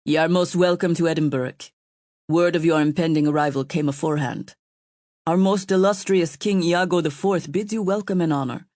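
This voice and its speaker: A woman's voice: fairly low pitch, normal speed, a little mellow, no room sound, clean studio sound, close to an everyday voice. A woman doing a showy bearded nobleman, thick accent. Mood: grand welcome. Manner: formal, sweeping, grand.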